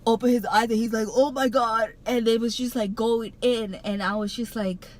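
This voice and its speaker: A woman's voice: on the high side, flat delivery, normal speed, darkish tone, rough recording. A woman vlogger telling a heartfelt personal story, rambling with many fillers and restarts, emotional and choked up at times. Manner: emotional, getting choked up while recounting.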